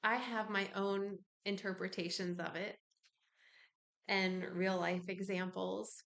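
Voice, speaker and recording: A woman's voice: medium pitch, steady tone, takes it slowly, vocal fry, a bit bright. Rambling woman musing on spiritual ideas. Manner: meandering, with many fillers and digressions. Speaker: spiritual practitioner. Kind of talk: casual spiritual musing to camera.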